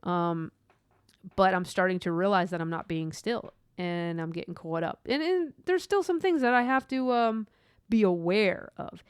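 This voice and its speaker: Earnest rambling woman podcaster, smooth voice. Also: on the low side, moderate pace, no echo, clean studio sound. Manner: earnest, rambling, with many asides and "like". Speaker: podcast host. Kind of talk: personal faith podcast monologue.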